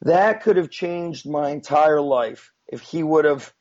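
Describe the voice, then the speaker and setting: A man's voice: fairly high pitch, measured pace, darkish tone. A man telling a story as a guest in a casual, rambling way, with many fillers and frequent swearing, on a dull lo-fi recording. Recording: dull lo-fi sound.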